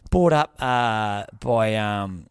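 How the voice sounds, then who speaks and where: A man's voice: lowish voice, extremely slow, smooth, no room sound, clean studio sound. An Australian man co-hosting a podcast, rambling through a story in casual banter and swearing freely. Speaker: podcast co-host.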